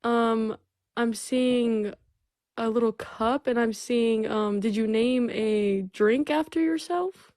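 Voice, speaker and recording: A woman calls in to tease her friend the host, laughing and calling him bro. Her voice sits fairly high and sounds dry and close. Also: takes it slowly, a little mellow, no echo. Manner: teasing, laughing, says bro. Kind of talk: casual teasing call.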